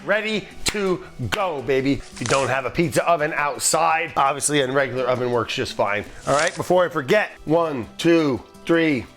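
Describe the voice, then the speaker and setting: A man's voice: a little high, moderate pace, hardly any pauses, music in the background. A middle-aged man hosting a casual cooking demonstration in a kitchen, enthusiastic and jokey, with the odd swear and asides to the crew. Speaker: cooking show host.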